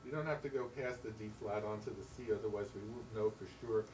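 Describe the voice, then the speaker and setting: Speaking fast in a fairly low voice, a man counts beats and sings rhythms in syllables during a piano lesson. The distant mic catches a roomy sound, and the piano playing in the room comes through loud.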